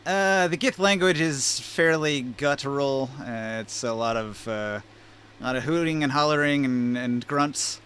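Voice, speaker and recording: A man's voice: mid-range voice, measured pace, fairly bright tone, slight background noise. A man running a tabletop game over voice chat, narrating in an easygoing, joking way. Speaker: game master.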